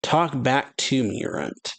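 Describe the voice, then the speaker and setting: A man's voice: medium pitch, animated, takes it slowly, gravelly. A man reading out the lines of a cocky young male giant prince who taunts and sneers, in his everyday voice. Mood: taunting.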